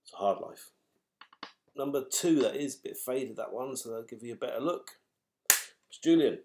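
A man hosts a raffle draw, calling numbers and names with a chatty, teasing, unhurried manner. His voice sits at an ordinary middle pitch. Loud clicking of raffle balls is heard clearly behind him. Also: background noise. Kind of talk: live raffle draw commentary.

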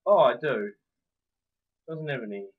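A man giving casual let's-play commentary, swearing often and swinging between low muttering and loud outbursts. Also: lively intonation, unhurried, narrow, tinny audio. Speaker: gameplay commentator.

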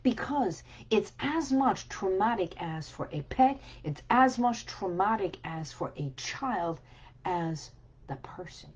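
A woman wellness coach giving a slow, soothing motivational talk, sometimes dropping into soft whispered affirmations. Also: mid-range voice, animated, slightly rough.

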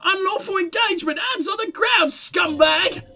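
A man's voice: expressive, moderate pace, heavily acted. A man voicing a frantic, deluded old woman who barks police codes through a megaphone. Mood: screaming. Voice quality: shrill shouting.

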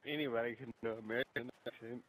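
Man, joking, playful, middle pitch, gaming chat, headset, gunfire behind. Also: steady tone, fast, heavy background noise. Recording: clear gunfire from the game behind.

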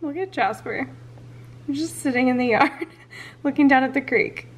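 A woman with a slightly high voice chats in a lively, upbeat way as she vlogs around her home and yard. Recorded on a handheld camera, with soft music in the background. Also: moderate pace. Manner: chatty and upbeat, talks fondly to her dogs. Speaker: lifestyle vlogger. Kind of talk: casual home vlog chat.

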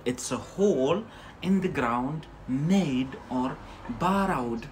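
A man's voice: on the high side, animated, takes it slowly, a little hiss or hum. A man with a Scottish accent teaching English words on a live stream, chatty and checking in with frequent tag questions.

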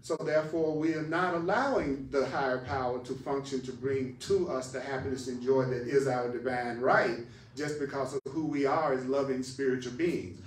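A man's voice: medium pitch, steady tone, moderate pace, slight background noise. A man teaching a spiritual class emphatically, repeating phrases for stress. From United States. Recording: echoey room, voice far from mic.

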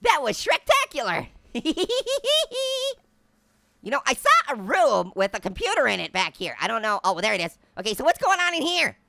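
A hyper cartoon orange cracks puns and giggles through a game, his voice pitched high and swinging wildly up and down. It has a bright, gravelly edge. The delivery is loud and exclamation-heavy. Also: huge pitch swings, fast, few pauses, dry recording, full character voice. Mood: gleeful. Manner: punning, giggly, constant exclamations. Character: wisecracking male talking orange, hyper and giggly. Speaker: gaming channel host. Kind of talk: cartoon let's-play commentary in character.

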